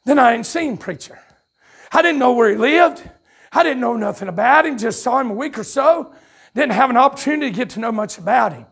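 Southern preacher guy at a camp meeting, real high voice with lots of gravel, gets shouty and fired up. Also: lively intonation, brisk. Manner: storytelling that builds into fervent shouted preaching. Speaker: pastor. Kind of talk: revival sermon. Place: church camp meeting before a congregation.

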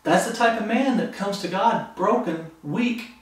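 A man preaching a sermon, fervent and animated, acting out the voices of the people in his story. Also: sits high, measured pace, slight background noise. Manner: fervent, acts out quoted voices. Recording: echoey room from far off.

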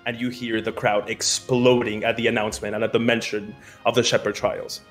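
A man's voice: fairly low pitch, little pitch movement, brisk, soft background music. A man narrating as game master in a casual, loose way with many fillers.

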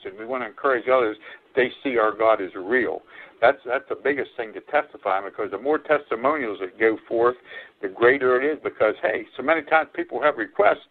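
An evangelist preaches an earnest radio sermon, pressing his points again and again with plenty of fillers. His voice sits at an ordinary middle pitch for a man. The sound is narrow and tinny, like a phone line. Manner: earnest, repetitive exhortation with frequent fillers.

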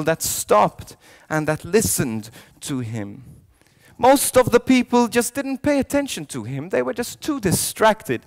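A priest telling a story in a youth sermon, swinging from soft lines to loud ones and often restarting his words. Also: high voice, unhurried. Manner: animated storyteller, jumping between hushed lines and loud shouted quotes; frequent restarts and repeated words.

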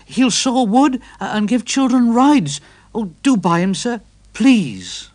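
A man voicing an eager, kind-hearted male tank engine in a storybook, high and earnest in tone. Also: sing-song, slow, darkish tone, no echo, heavily acted. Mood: pleading.

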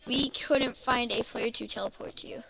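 A young gamer girl giving excitable, shouty commentary while playing online, yelling at other players. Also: fairly high pitch, moderate pace, creaky, background noise.

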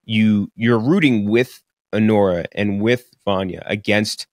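A young man with a lowish voice talks through a film review in loose podcast chat. He rambles, stacking fillers and swearing freely. The sound is close and dry, with no room around it. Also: a little slow, no echo. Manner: rambling, filler-heavy, profane. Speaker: podcast co-host. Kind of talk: casual movie review chat. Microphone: studio podcast mic.

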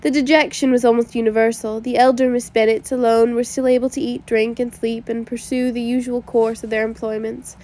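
A woman's voice: fairly high pitch, flat delivery, brisk, hardly any pauses, dark tone. A woman reading a classic novel aloud as an audiobook, with small slips and restarts along the way. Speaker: audiobook reader.

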